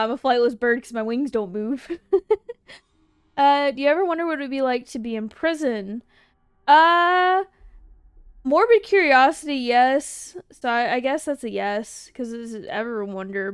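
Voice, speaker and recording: A woman's voice: high voice, normal speed, clean tone, no room sound, clean studio sound. A woman streamer in casual livestream chat, answering viewer questions, laughing often and swearing freely.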